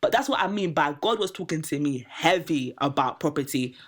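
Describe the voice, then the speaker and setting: A woman's voice: deep voice, brisk. A woman tells a long personal story on a podcast in casual chat, acting out the people she quotes. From Nigerian heritage, raised in Britain. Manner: animated, acts out quoted people, laughs often. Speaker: podcast co-host telling a story. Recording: podcast mic, loud laughter.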